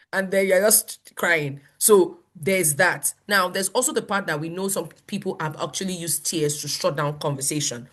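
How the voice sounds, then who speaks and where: Nigerian woman, pastor; lively conversational teaching, acts out quotes. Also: mid-range voice. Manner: animated, laughs often, quotes people in voices.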